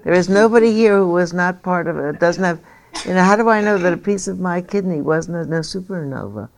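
A woman leads a group dharma discussion as meditation teacher, speaking with a low, gravelly voice full of vocal fry. She talks in an encouraging, chatty way, drifting into asides. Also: animated, fairly quick, slight background noise. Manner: warm, encouraging, laughs easily, rambling asides.

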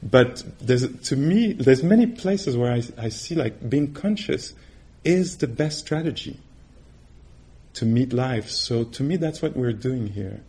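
Male meditation teacher, middle-aged, mid-pitched, casual talk with quick laughs and acted-out quotes. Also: lively intonation. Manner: warm, conversational, laughs often, acts out quoted voices. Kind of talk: dharma talk.

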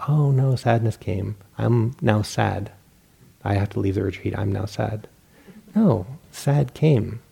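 A middle-aged man teaching meditation in a relaxed dharma talk, poking fun at himself and acting out his own inner voices. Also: fairly low pitch, gravelly, slightly rough. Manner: relaxed, self-mocking, acts out inner voices.

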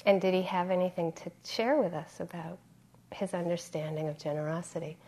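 A woman meditation teacher speaks in an easygoing, conversational way during a dharma talk. She pauses with fillers and clears her throat often. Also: lowish voice, fairly even intonation, darkish tone.

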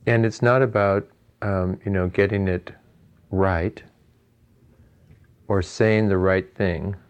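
A man with a low voice gives an informal dharma talk on meditation. He thinks aloud in a loose, musing way, chuckling often and leaning on "you know" between points. His delivery is unhurried and conversational. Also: fairly even intonation, lo-fi sound. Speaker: meditation teacher.

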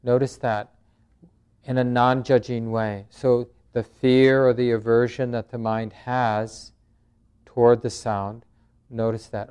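Male meditation teacher, calm and unhurried, smooth resonant tone. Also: mid-range voice. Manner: calm, gentle, thoughtful. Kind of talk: dharma talk with group questions.

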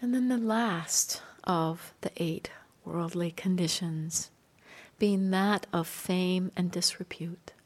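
A woman meditation teacher giving a dharma talk in a gentle, soft-spoken, unhurried way, with light laughter between points. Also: fairly low pitch.

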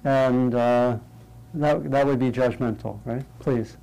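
A man leading a meditation class in an interactive talk, lighthearted and checking in with the group, thinking aloud through pauses and restarts. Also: medium pitch, fairly even intonation, gravelly, mellow, rough recording. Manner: light, humorous, often checks in with "right?". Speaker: meditation teacher.

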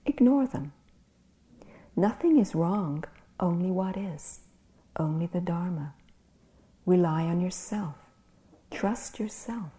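Soft-spoken woman with a very dark voice. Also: on the low side. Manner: soft, gentle and unhurried, often drops to a near whisper. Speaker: meditation teacher and physician. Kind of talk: dharma talk.

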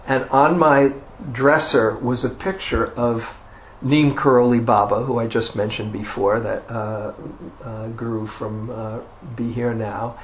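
A man giving a dharma talk as a meditation teacher, telling a personal story in an unhurried way with self-deprecating humor. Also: mid-range voice, highs cut off, a little hiss or hum.

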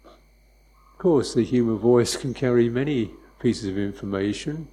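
A man gives a dharma talk as a meditation teacher. His voice is mellow and warm, pitched in a middle range. He speaks softly and without hurry, returning to phrases in reflective repetitions. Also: rough recording. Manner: soft, unhurried, reflective teaching with quiet repetitions.

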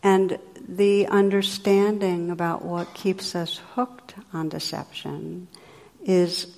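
A woman's voice: lowish voice, little pitch movement, slow pace, gravelly, darkish tone. A woman meditation teacher giving a reflective, conversational dharma talk in a meditation hall, with frequent fillers. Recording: long hall reverb.

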